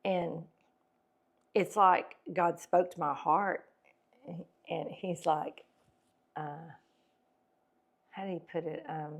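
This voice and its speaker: Animated middle-aged woman co-hosting a chat. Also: on the low side, slow pace, gravelly, long pauses. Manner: animated, acts out tones of voice, laughs often. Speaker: podcast co-host. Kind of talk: casual faith and wellness chat.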